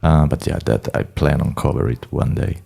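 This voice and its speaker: A man's voice: rumbling low, normal speed, gravelly, mellow, husky. A man in his forties with an Italian accent, a singer chatting as an interview guest in a meandering, self-deprecating way. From Italy. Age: 40s. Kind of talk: casual chat.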